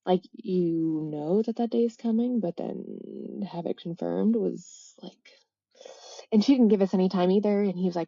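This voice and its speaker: A woman in her thirties telling a personal story as a podcast guest, halting and reflective, full of "like" fillers and self-corrections. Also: fairly low pitch, vocal fry, mellow, no room sound, dull audio. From United States. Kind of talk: candid personal storytelling in a casual interview.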